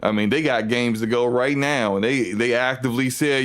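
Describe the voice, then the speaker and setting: Male streamer host, casual gaming rant, mocking and animated, middle pitch, faint background music. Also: moderate pace. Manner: animated, mocking, ranting with mock impressions. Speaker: livestream host.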